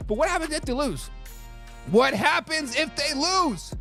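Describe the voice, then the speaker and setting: Picture a shrill, overexcited hype man, yelling in a sing-song, theatrical voice, as a sports show host puts it on. Every line bounces up high with showy excitement. Soft music sits faintly underneath. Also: moderate pace, heavily acted. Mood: hyped. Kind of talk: hyped show intro.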